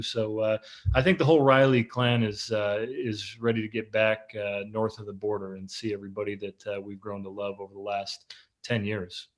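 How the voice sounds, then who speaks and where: A man's voice: fairly low pitch, little pitch movement, brisk. Joking, laid-back man in his thirties. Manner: joking, teasing, playful storyteller. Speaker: professional football quarterback. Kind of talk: casual interview chat.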